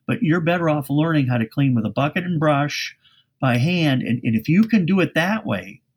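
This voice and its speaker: A man with a medium-pitched, husky voice is a guest expert on a cleaning podcast. In this interview he tells anecdotes in a folksy manner, often restarting his sentences.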